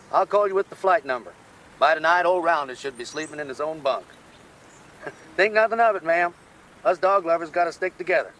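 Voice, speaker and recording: An actor playing a smooth-talking con man who puts on a folksy manner for phone scams. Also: high voice, a bit bright. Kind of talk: TV crime drama acting.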